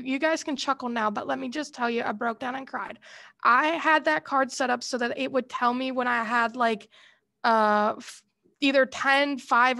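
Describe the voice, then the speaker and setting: Woman college instructor, high voice, dry close sound, chatty and heated when telling a story. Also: gravelly, bright, forceful tone, no room sound. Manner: casual, heated storytelling with mild slang. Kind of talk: classroom lecture with a personal anecdote.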